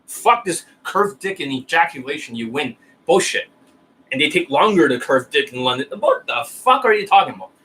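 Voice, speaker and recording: A man delivers a scornful, profane coaching rant in a bright, forceful voice that sits a little high. He keeps jabbing at his listeners with "right?" and "you see that?", and a faint hiss runs under the recording. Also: sing-song, moderate pace, poor audio. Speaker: dating coach. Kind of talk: ranting coaching monologue.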